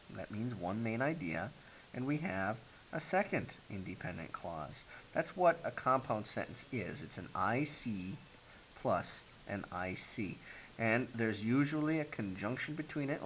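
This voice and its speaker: A man's voice: fairly low pitch, fairly bright tone, rough recording. A man teaching a grammar lesson, explaining step by step with frequent ums and okays. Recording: faint hiss.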